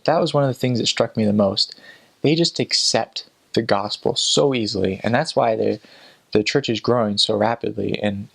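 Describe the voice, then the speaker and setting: A man's voice: on the low side, gravelly, low-quality recording. A young man, a returned missionary, telling stories in a casual, chatty way. He uses many fillers and restarts, and he acts out the voices of the people in his stories. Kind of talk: casual storytelling.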